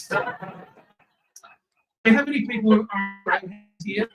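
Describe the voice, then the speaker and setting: Australian man MCing an awards night, playful and quick with a joke. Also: very high voice, very animated, creaky, fairly bright tone, faint music behind, poor audio. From Tasmania, Australia. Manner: jokey, playful, reading acceptance speeches aloud. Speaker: awards ceremony host. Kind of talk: presenting at an awards ceremony. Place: event venue with an audience.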